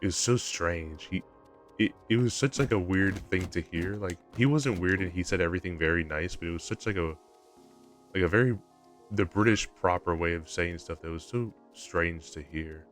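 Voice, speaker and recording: Deep-voiced young man rambling on stream. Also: normal speed. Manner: rambling, full of fillers and restarts. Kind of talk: casual live-stream chat while gaming. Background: faint game music.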